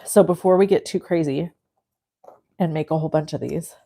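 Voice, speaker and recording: A woman's voice: deep voice, brisk, vocal fry. A middle-aged woman hosting a craft livestream, chatting casually and telling a story as she works. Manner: chatty storyteller, animated and self-mocking. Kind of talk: casual chat while crafting.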